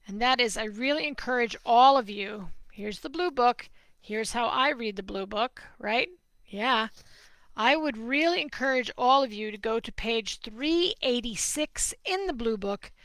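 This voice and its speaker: A woman's voice: on the high side, animated, unhurried, fairly bright tone, dry recording. A woman nutrition coach answering viewer questions in a casual live Q&A, stressing points by repeating words and speaking to viewers by name.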